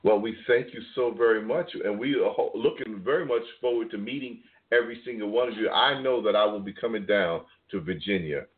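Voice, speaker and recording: A man's voice: fairly low pitch, fairly quick, hardly any pauses. A man from New York hosting a phone-in family call, emphatic and given to repeating his words. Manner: emphatic, repeats phrases for warmth. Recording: tinny phone-line audio.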